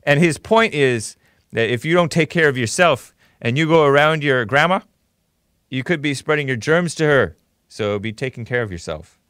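A man's voice: mid-range voice, animated, moderate pace, a bit bright, smooth, dry recording, studio quality. A man hosting a live call-in commentary show, talking casually and sarcastically as he thanks viewers. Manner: thanks viewers and reads donations aloud.

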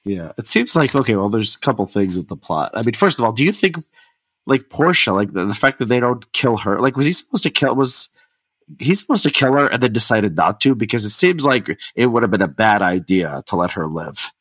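A man's voice: fairly low pitch, lively intonation, a little fast, a bit bright, husky, dry recording. A man guesting on a podcast, chatting casually and filling his talk with "like" and "you know". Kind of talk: casual discussion.

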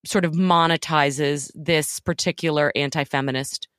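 A woman's voice: low voice, fairly even intonation, normal speed, fairly bright tone, dry recording, studio quality. A woman co-hosting a podcast in casual chat, blunt and sardonic, swearing freely. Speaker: podcast co-host.

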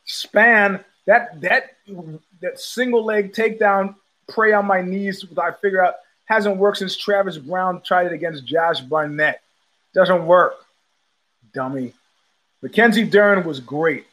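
A man's voice: sits high, pushed and bright. An older man hosting a casual talk show, rambling through stories and acting out the voices of people he quotes. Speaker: podcast host. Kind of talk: casual storytelling chat.

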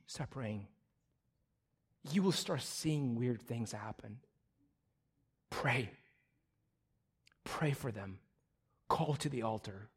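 A man in his thirties preaching a sermon, telling stories with animated swings between loud bursts and hushed lines. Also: medium pitch, slightly rough. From Russian Slavic community in the US. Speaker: pastor.

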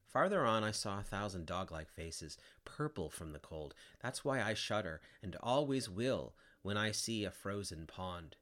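A man reads epic verse aloud with a theatrical flair. His fairly low voice has a bright edge and rises and falls with a lot of drama. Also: measured pace, hardly any pauses. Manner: expressive, theatrical. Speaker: reader. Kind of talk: dramatic poetry reading.

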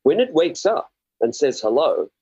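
A man's voice: fairly high pitch, big pitch swings, normal speed, dark tone, slightly rough, dry recording. An older man with an Australian accent, an author guest giving earnest, rambling, self-searching interview answers over slightly muffled remote audio.

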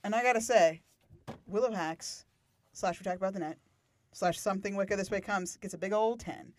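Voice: medium pitch, fairly quick, no room sound. A podcast co-host in casual chat who laughs often and acts out lines from scenes.

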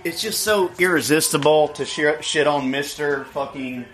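A slightly high-voiced man co-hosting a casual football podcast from home. He talks fast and teases his co-host, breaking into laughs as he retells things. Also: fairly bright tone, poor audio. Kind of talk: casual chat. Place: home studio, watching a game.

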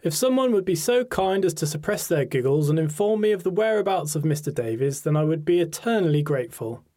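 A man putting on a booming Welsh schoolmaster. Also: takes it slowly, a little mellow. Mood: booming, sardonic. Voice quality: deep, booming, sardonic. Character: stern middle-aged male Welsh head of sixth form. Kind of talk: audiobook character voice.

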